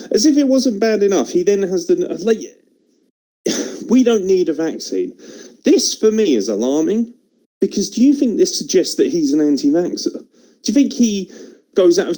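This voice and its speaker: Lively, mocking podcast host. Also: male voice, sits high, poor audio. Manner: mocking and sweary, laughs often. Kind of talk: casual comedic chat.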